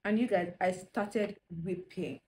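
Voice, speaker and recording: A woman's voice: medium pitch, steady tone, unhurried, a little mellow, soft background music. A young woman vlogging at home, chatting candidly and rambling straight to her viewers. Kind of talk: casual chatty vlog. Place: indoors at home.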